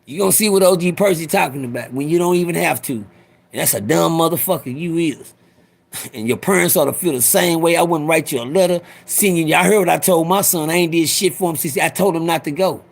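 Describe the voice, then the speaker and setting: A middle-aged man tells a story to his livestream audience in a loose, profane, animated way, stopping now and then to speak to the viewers. His voice sits a little high and has a gravelly edge. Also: fairly quick. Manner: profane, rambling, animated, breaks off to talk to viewers. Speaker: storyteller addressing live viewers.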